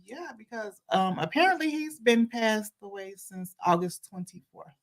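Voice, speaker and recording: A woman on a casual faith and news chat, explaining the news carefully with many pauses and ums. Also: mid-range voice, expressive. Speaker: panelist on a faith and news show.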